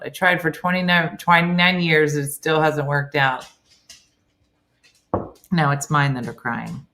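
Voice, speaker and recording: Low-pitched middle-aged woman, casual chatty host who reacts quickly. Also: fairly bright tone. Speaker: host reading viewer comments. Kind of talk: casual chat.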